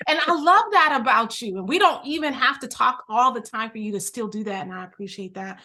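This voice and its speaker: A woman's voice: on the high side, a little fast, few pauses, pushed and bright. A woman guest, an entrepreneur and coach, chatting animatedly and emotionally with a friend, often laughing. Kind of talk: casual chat among friends.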